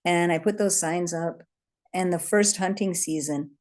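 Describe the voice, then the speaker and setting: A woman's voice: on the low side, measured pace, a little mellow. A woman leading a workshop, telling personal stories in an earnest, conversational way with occasional laughs. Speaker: workshop leader. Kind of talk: storytelling workshop talk.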